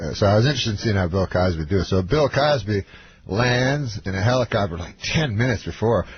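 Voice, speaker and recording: A man, a comedian guest on a radio show, telling a rambling anecdote in a deadpan way, halting with many fillers. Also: fairly low pitch. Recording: dull lo-fi radio broadcast with noise.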